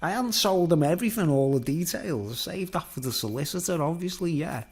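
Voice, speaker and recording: A man's voice: on the high side, animated, brisk, husky. A man telling a long personal story in a loose, rambling way, with lots of "like" and "you know". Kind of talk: rambling spoken anecdote.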